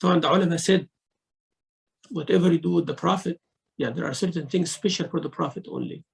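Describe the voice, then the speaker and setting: Sheikh w giving a lesson, gravelly fairly high voice, quotes verses fast then explains. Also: male voice, low-quality recording. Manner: mixes Arabic recitation into English teaching, acts out rude and polite speech. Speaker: sheikh teaching Quran commentary. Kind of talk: religious lesson.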